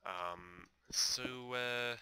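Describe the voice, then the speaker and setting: A man's voice: low voice, drawn-out words, sharp tone, clear, resonant tone. A young man giving casual gameplay commentary, thinking aloud and hesitating with many fillers.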